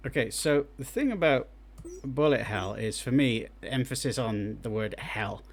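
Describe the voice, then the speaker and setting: A man streams himself playing and reviewing small indie games, reacting out loud and narrating his thoughts as he goes. His voice sits in a middle pitch, and he gets excitable when the action picks up. Faint music plays behind him. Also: normal speed. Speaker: streamer reviewing game jam entries. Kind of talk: live gameplay commentary.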